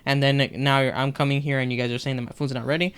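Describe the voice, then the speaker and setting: Speaking fast in a smooth, mid-range voice, this young man swaps work stories on his podcast, bringing them to life by performing the customers' lines.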